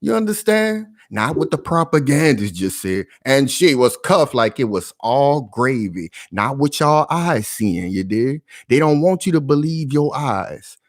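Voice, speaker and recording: A man's voice: mid-range voice, big pitch swings, measured pace, few pauses. A man giving casual reaction commentary, emphatic and full of street slang, often calling out to his viewers.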